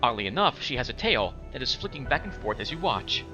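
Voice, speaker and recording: A man's voice: mid-range voice, very animated, a little fast, muffled recording, music in the background. A man hosting a game playthrough, reading the text aloud and apologetic and stumbling over words. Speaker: let's play host.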